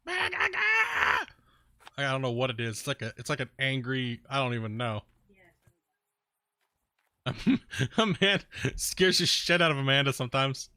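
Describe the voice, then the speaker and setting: Soothing, bright-voiced young male streamer. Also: medium pitch, dry recording. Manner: laid-back, joking, slangy. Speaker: live streamer. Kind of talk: casual chat to viewers while gaming.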